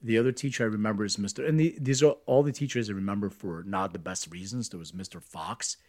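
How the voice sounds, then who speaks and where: Low-voiced man telling rambling stories. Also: fast, darkish tone. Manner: candid and rambling, swears freely. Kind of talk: casual storytelling chat.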